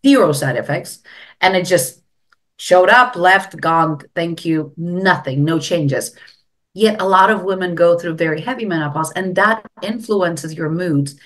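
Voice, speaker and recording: A woman's voice: fairly low pitch, a little slow, a bit bright. A middle-aged woman speaking as a guest expert in an interview, explaining things earnestly and stressing her key advice.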